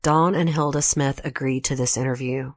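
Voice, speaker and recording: Very low-voiced woman narrating true crime. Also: steady tone, dry recording, studio quality. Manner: measured, reads quotes in her own voice. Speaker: true crime podcast host.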